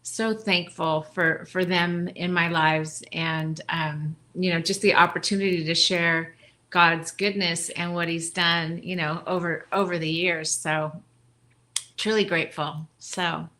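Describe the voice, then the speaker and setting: A woman's voice: fairly low pitch, little pitch movement, unhurried, pushed and bright. A woman who leads a ministry, a podcast guest telling a heartfelt personal story with emotion and gratitude. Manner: emotional, grateful, rambling with restarts.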